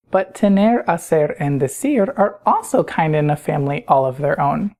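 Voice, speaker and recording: Mellow low-voiced woman teaching. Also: expressive, normal speed, hardly any pauses. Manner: patient, explanatory, asks the listener questions. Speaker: Spanish teacher. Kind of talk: recorded grammar lesson.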